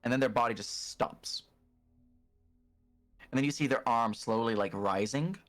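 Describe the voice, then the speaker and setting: A man's voice: mid-range voice, normal speed. A man narrating a tabletop game as game master, casual and hesitant, with many fillers and restarts.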